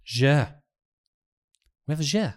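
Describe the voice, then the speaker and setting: A man's voice: a little high, animated, slow pace, dry recording, studio quality. A man co-hosting a podcast, chatting playfully and mimicking how people pronounce sounds. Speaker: podcast co-host. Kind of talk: casual chat.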